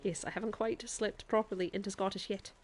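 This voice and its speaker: A woman's voice: medium pitch, steady tone, a little fast, a little mellow, slight background noise. A woman streamer chatting to her viewers in a put-on Irish accent while she plays a game, often laughing as she talks. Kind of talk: live gameplay commentary.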